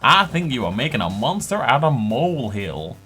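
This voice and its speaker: A man's voice: fairly high pitch, lively intonation, fast talker, a bit bright, faint music behind, voice pushed up. A man doing a folksy fat-cat tycoon. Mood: blustering. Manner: drawling, plain-folks bluster. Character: folksy male oil tycoon heir.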